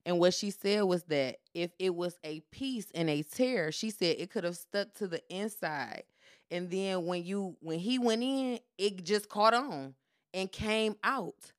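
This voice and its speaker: A woman's voice: on the low side, a little slow, no echo, studio quality. A young adult woman, a podcast guest, telling a personal story in blunt, profane, casual chat.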